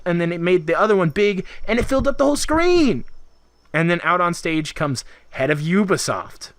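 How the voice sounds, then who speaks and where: With a fairly bright, somewhat high voice and no room sound, this male co-host of a casual video game podcast rambles along, laughing a lot and using many filler words.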